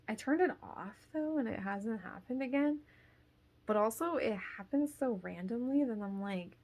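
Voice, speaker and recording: A woman's voice: medium pitch, moderate pace. A young woman vlogger telling a rambling story in casual chat, full of fillers and little laughs. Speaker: crochet vlogger.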